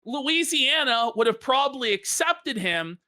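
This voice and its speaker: A woman's voice: sits high, animated, a little slow, sharp tone. A woman hosting a live stream, telling a story in casual commentary, laughing and swearing as she goes. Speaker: streamer host.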